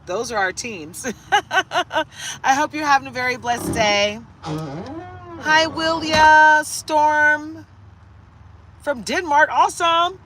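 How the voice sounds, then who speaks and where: A woman from Detroit hosting a casual live stream, animated and chatty, greeting viewers by name and laughing often, recorded at home on a phone or webcam. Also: high-pitched, slow pace, long pauses, very noisy. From Detroit, USA. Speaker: live-stream host giving a reading.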